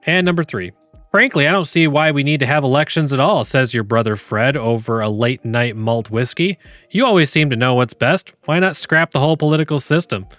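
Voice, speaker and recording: A man's voice: mid-range voice, a little fast, a bit bright, dry recording, soft background music. A man hosting a podcast, joking and laughing often as he reads game prompts aloud to his chat. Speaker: podcast host.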